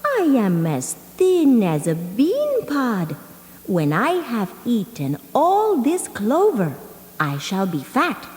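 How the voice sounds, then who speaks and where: A woman's voice: on the high side, wildly swooping pitch, slow pace, a little mellow, reverberant, in a large hall, pitched above the performer's own voice, full character voice. A woman voicing a small, clever female lamb who bleats and pleads sweetly in a storybook reading. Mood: pleading.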